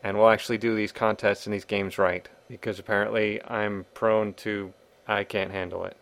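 A man's voice: lowish voice, flat delivery, normal speed, vocal fry, a bit bright. A man hosting a podcast, speaking casually in a loose, offhand way and reading lines aloud. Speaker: podcast host.

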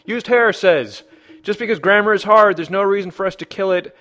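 A man's voice: high voice, a little fast, fairly bright tone. A man hosting a podcast who reads listener comments in a joking, rambling way. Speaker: podcast host. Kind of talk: casual podcast banter.

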